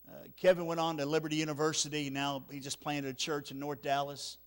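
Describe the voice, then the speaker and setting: A man preaching at a church revival, telling a story with emotion, often repeating words and dropping very quiet at the sad parts. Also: a little high, little pitch movement, fairly quick, smooth. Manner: emotional, repeats words, drops to near-whisper at sad moments. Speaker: evangelist. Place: church sanctuary.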